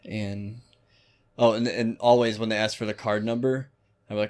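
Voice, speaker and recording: A man with a fairly low voice co-hosts a casual podcast. He tells his stories with plenty of swearing and frequent laughter, in a loose, rambling chat. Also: flat delivery, normal speed, a little mellow. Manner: profane, laughing storyteller. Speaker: podcast co-host.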